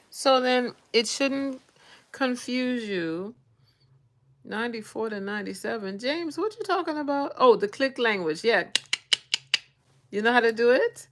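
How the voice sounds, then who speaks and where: An older American woman talks slowly and unhurriedly to her livestream viewers from her bedroom, her voice bright and clear. She chats loosely and reads out viewer names as she goes, picked up by her phone. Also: fairly high pitch. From United States. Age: 60s. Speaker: vlog host. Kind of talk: casual livestream chat.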